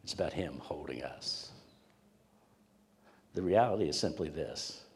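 A man's voice: rumbling low, lively intonation, measured pace, gravelly, a little mellow. A man preaching a sermon to a congregation, in an emphatic storytelling way that repeats words for weight. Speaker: pastor. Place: church sanctuary with congregation. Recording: long church hall reverb.

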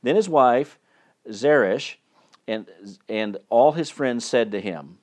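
A man's voice: medium pitch, animated, slow, a little mellow. A male preacher retells a Bible story in a loose, chatty way. He often stops and repeats words before pressing on.

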